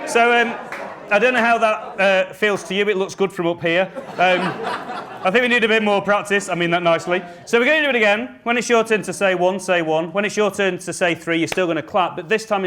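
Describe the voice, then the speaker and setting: A man running a live sales training session for an audience, upbeat and joking as he gives brisk instructions. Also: sits high, a crowd in the background. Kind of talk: live workshop talk to an audience. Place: event room with an audience.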